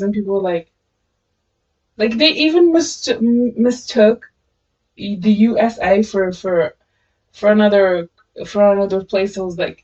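A woman's voice: mid-range voice, lively intonation, moderate pace, darkish tone. A woman co-hosting a casual podcast, an amused storyteller who laughs often. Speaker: podcast co-host. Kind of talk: casual chat. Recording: muffled, distant, lo-fi mic.

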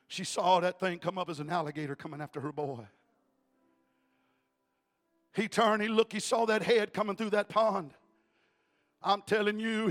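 A male evangelist preaching in a church, telling a story emphatically and rising to shouts. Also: high voice. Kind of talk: storytelling sermon.

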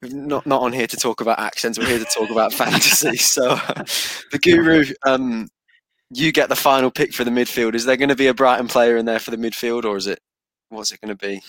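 A man's voice: medium pitch, steady tone, fairly quick, fairly bright tone, no echo. A man hosting a casual podcast, steering the conversation from pick to pick. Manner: leads the picks, steers the talk. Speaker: podcast host. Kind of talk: casual chat.

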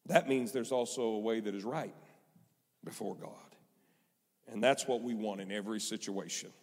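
A man's voice: fairly low pitch, normal speed, pauses often, darkish tone. A male pastor preaching a sermon, emphatic and repetitive, in a church sanctuary. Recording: long hall reverb.

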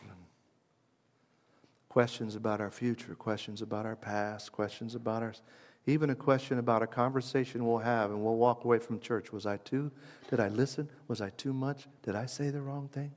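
A man preaching a sermon in a conversational, reflective way, moving from hushed asides to emphatic lines. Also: mid-range voice, long reverb tail.

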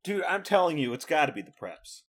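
A man's voice: a little high, big pitch swings, brisk. A young man co-hosting a podcast, swearing a lot and sounding sarcastic and exasperated in casual banter. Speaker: podcast co-host.

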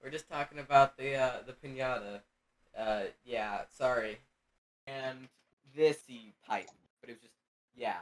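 A man's voice: mid-range voice, unhurried. A young man with a mid-range voice talks over an online call, offhand and a bit apologetic. He delivers dry jokes in a casual podcast chat. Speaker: podcast co-host.

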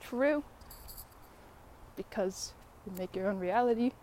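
A breathy, out-of-breath woman talks in a loose, rambling way, full of fillers and little laughs, while she walks outside. Her voice sits at an ordinary middle pitch. Steady outdoor noise runs clearly behind her on the phone recording. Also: slow. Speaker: vlogger. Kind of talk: casual rambling talk to camera while walking. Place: outdoors on a walk, birds about.

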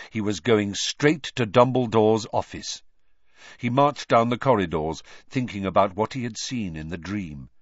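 Low expressive man narrating a storybook. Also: no echo. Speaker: audiobook narrator. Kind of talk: scripted narration. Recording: dull dry lo-fi recording.

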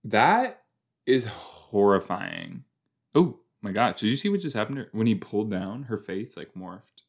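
A man's voice: on the low side, sing-song, moderate pace, vocal fry. A young man reacting casually to a TV episode as he watches, thinking aloud with lots of fillers and exclamations. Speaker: reaction podcast host.

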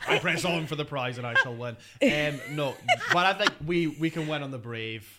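A man's voice: fairly high pitch, lively intonation, moderate pace, heavy background noise. A man with a Scottish accent, a podcast guest who jokes and pokes fun at himself. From Scotland. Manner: jokey, self-mocking. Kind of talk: casual podcast chat.

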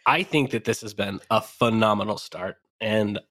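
A man's voice: fairly low pitch, normal speed, fairly bright tone. A man co-hosting a casual podcast, bantering and laughing often. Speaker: podcast co-host. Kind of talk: casual chat.

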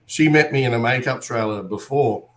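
An Australian man, a wrestler and actor, telling animated stories in a casual interview and acting out other people's lines as he goes. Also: mid-range voice, normal speed, slight background noise.

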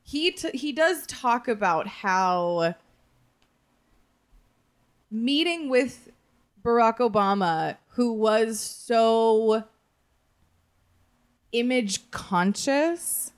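Podcast co-host, woman, slow, heartfelt, a little high. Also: lively intonation, clean tone. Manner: earnest, emotional, slow and halting. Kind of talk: casual chat.

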